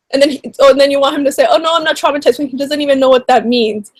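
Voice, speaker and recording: A woman's voice: sits high, steady tone, a little fast, a little mellow, slight background noise. A woman YouTuber giving casual commentary, indignant and rambling, with many fillers. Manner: indignant, rambling, heavy on "like" and "you know".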